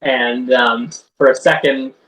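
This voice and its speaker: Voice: mid-range voice, fairly even intonation, takes it slowly, a bit bright, reverberant, far from the mic, slight background noise, low-quality recording. A game master narrating a tabletop game in a loose, casual way with many fillers.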